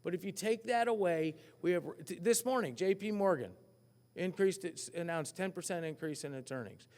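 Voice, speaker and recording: A man speaking as an economist at a forecast breakfast, animated, asking the audience questions and poking fun at himself. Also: high voice, normal speed, in a large hall. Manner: animated, asks the crowd questions, self-mocking. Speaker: economist giving a keynote. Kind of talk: lively forecast speech to an audience.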